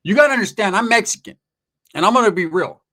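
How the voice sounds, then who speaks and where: A man's voice: sits high, animated, fast, pushed and bright. A man telling a rambling comedic anecdote in casual slang, loose and profane, with frequent asides to the listener. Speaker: storyteller.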